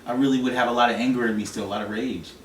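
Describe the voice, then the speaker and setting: A trans man telling personal stories in a relaxed interview, soft-spoken and given to bursts of laughter. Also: medium pitch, racing, roomy sound, recorded from a distance, a little hiss or hum. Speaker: interview guest. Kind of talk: relaxed storytelling.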